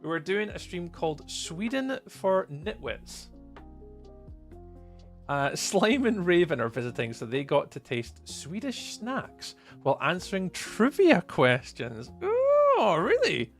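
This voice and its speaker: A man's voice: a little high, big pitch swings, unhurried, soft background music. A Scottish man chatting casually through a live gameplay stream, greeting viewers by name as he talks. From Scotland. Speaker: livestreamer.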